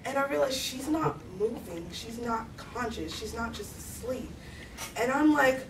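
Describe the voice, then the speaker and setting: A young woman with a fairly high voice tells a story to a live crowd, chatty and animated, stringing her sentences together with "like". She sounds a little distant from the mic, and the room around her echoes. Faint noise sits behind her voice. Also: unhurried. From Texas, USA. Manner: chatty, animated, heavy use of "like". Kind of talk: live story slam performance. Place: stage before a live audience in a hall.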